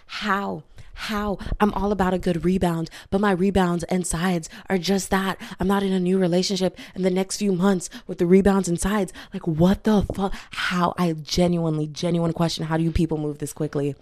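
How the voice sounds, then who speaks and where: A woman's voice: on the low side, level tone, normal speed, a little mellow, dry recording, clean studio sound. A woman in her twenties talking bluntly and animatedly in a casual confessional monologue, swearing freely. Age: 20s.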